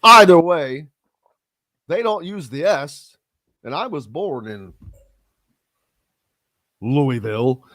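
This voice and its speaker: A man, hosting a casual sports radio talk show with drawn-out, emphatic, opinionated delivery. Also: on the high side, animated, sharp tone, dry recording. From Southern Indiana.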